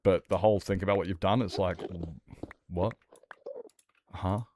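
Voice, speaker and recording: A man's voice: low-pitched, little pitch movement, quick pace, background noise. A man chatting casually while streaming a game, rambling and repeating himself, swearing freely. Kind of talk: casual gameplay stream chat.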